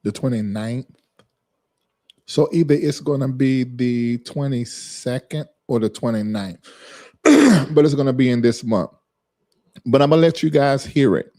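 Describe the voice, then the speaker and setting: Hosting a relaxed live stream, this man chats with viewers by name and keeps drilling them on saying a word, repeating it himself. His warm, medium-pitched voice has lively intonation, an unhurried pace, and frequent pauses.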